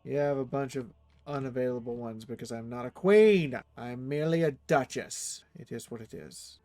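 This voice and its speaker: A man streaming a strategy game, reading its text aloud and swinging from quiet muttered asides to loud, swearing outbursts. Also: mid-range voice, normal speed, no room sound. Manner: swears freely.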